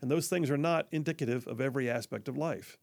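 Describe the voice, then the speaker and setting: A man's voice: medium pitch, fast, creaky, a little mellow, no room sound. A man hosting a news talk show who tells a personal story in a folksy, earnest way and speaks directly to his listeners. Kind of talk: storytelling monologue.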